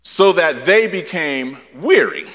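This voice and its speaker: Animated preacher man in a reverberant hall. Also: a little high, slow. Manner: animated preaching with shouted peaks and repetition. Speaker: pastor. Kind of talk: sermon.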